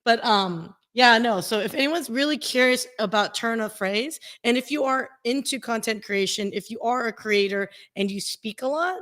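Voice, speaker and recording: A woman's voice: on the high side, moderate pace, hardly any pauses, fairly bright tone. A woman co-hosting a casual panel chat, chatty and rambling in a playful way. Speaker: co-host.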